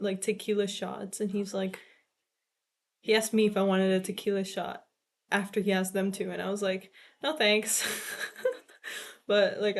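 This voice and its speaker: A young woman in her late teens chatting casually in a vlog, rambling and swearing, with lots of "like" filler. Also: mid-range voice. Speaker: vlogger. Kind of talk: casual chat.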